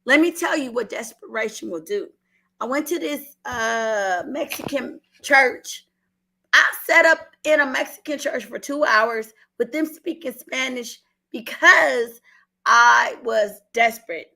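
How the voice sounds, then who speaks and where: Her voice sits on the high side, creaky and sharp, and she speaks at a measured pace. She's a middle-aged woman from Oakland, California, with an Oakland accent, earnestly sharing a personal story on a call-in show, repeating herself and struggling not to cry.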